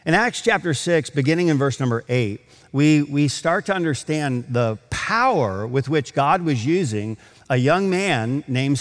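A man's voice: fairly high pitch, in a large hall. A man preaching a sermon, telling a story with acted quotes and building to emphatic points. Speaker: pastor.

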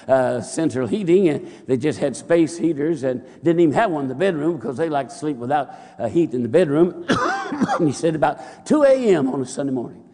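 A man's voice: on the high side, dark tone, long reverb tail. A man preaching a sermon, telling folksy anecdotes and often repeating "and he said.". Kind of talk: sermon storytelling.

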